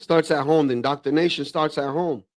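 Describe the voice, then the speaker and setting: In a slightly high, brisk voice, a livestream host reacts with casual commentary packed with slang. He keeps saying "bro" and keeps up a stream of animated asides.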